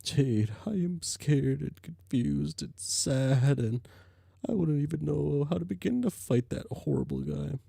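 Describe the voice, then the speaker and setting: A man's voice: a little high, expressive, measured pace, gravelly, dark tone, slightly rough, no echo, clean studio sound, exaggerated voice. A man voicing a young grieving female dog-spirit who whimpers and sobs as he reads a webcomic aloud. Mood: frightened. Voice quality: sobbing, whimpering. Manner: tearful, self-pitying. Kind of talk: reading a webcomic aloud in voices.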